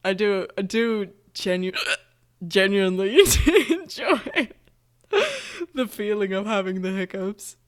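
Hiccuping speaker, slow and amused. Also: medium pitch, clean tone. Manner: amused, laughs often. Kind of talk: casual self-recorded vlog.

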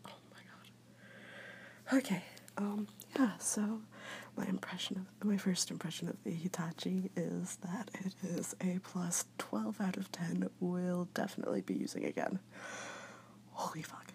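A woman's voice: lowish voice, steady tone, unhurried, darkish tone, a little hiss or hum. A young woman talking in a casual vlog, out of breath and half-whispering, swearing between words. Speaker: vlogger.

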